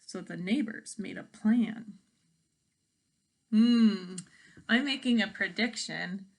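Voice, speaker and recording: A woman teacher reading a picture book aloud to children, pausing to make predictions and ask questions. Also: medium pitch, creaky.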